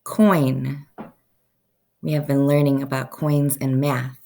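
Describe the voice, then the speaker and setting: A woman teaching a first-grade phonics lesson, slowly stretching out each sound so children can say the words with her. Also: a bass voice, level tone, creaky, dark tone.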